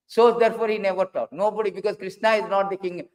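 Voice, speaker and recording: A man preaching a scripture class, animated, swinging from loud bursts to low asides and acting out quoted dialogue. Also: poor audio. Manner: quotes figures in dialogue, halting restarts.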